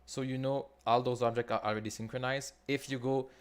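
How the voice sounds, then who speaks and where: A man from Quebec with a Quebec French accent, leading a live coding walkthrough in a halting, think-aloud way with frequent restarts. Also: medium pitch, level tone, clean tone. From Quebec, Canada. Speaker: developer leading a builder session.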